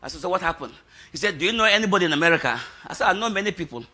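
Preaching a lively testimony sermon, this middle-aged pastor has a voice that sits high for a man, very bright and cutting, with a husky grain. He talks very fast, shouting at the high points and laughing between lines.

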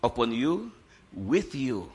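A man preaching a charismatic sermon, rousing the congregation with rhetorical questions and bursts of shouting. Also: medium pitch, big pitch swings, slow pace, husky.

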